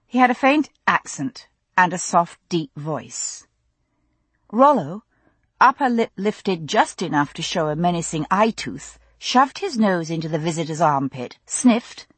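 A woman narrating a novel in the first person, with expressive, dramatic storytelling. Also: deep voice, husky, no room sound. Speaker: audiobook narrator.

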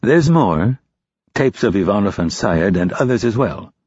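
A man's voice: fairly low pitch, expressive, unhurried, a little mellow, breathy edge, no room sound. A man voicing a composed young female intelligence officer who speaks in a cool, probing, businesslike way. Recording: dull, dry lo-fi recording.

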